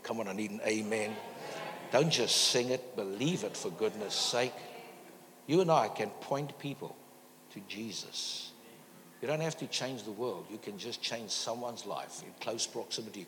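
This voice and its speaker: A man's voice: on the low side, normal speed, a bit bright. Male guest preacher, storytelling sermon, long church reverb, faint hum. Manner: storytelling preacher calling for amens. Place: church hall.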